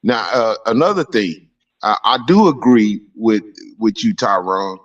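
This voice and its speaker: A man calling into a talk show, giving his opinions in a steady, profane way. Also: fairly low pitch, a little slow. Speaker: caller. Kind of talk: call-in opinion. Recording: muffled distant phone line.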